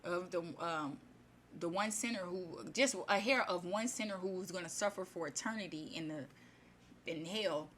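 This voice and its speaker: A storyteller retells a fairy tale casually in her own words, rambling, chatty, and restarting often. Her fairly low voice moves at a normal speed with a slightly bright tone and a little hiss or hum behind it.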